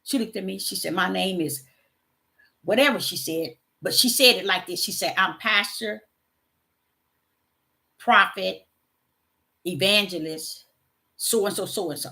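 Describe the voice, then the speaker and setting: A middle-aged woman preaching a sermon, moving from hushed storytelling to loud, emphatic exhortation. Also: medium pitch, a little slow, vocal fry, pauses often.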